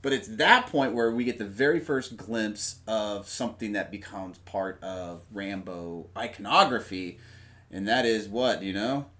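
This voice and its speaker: A man chatting casually about a movie, rambling with lots of fillers and animated retelling of scenes. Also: lowish voice, a little slow.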